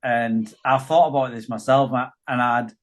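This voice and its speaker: A man hosts a relaxed podcast chat. He puts "would you rather" questions to his guest in an easy, friendly way and calls him "mate" often. His voice has a middling pitch. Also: moderate pace. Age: 30s. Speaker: podcast host. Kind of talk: casual chat.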